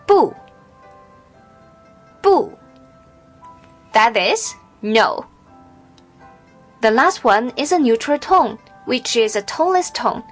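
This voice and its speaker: Slow, high-voiced woman teaching tones. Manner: slow, careful, exaggerated pronunciation drills. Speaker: language teacher. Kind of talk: scripted language lesson.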